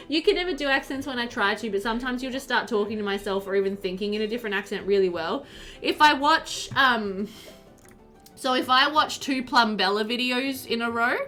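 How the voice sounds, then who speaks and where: A woman's voice: mid-range voice, sharp tone. A woman chatting casually while streaming a game, reading chat aloud and laughing often.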